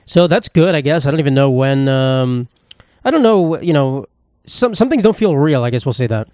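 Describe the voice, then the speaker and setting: A man's voice: medium pitch, expressive, normal speed, darkish tone, dry recording, clean studio sound. A young man, hosting a solo comedy podcast in a profane, sarcastic, rambling rant. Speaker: podcast host.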